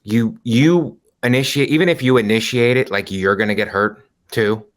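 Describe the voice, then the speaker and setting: A man's voice: medium pitch, normal speed. A man co-hosting a podcast, explaining in a rambling, filler-heavy way. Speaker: podcast co-host. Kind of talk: casual chat.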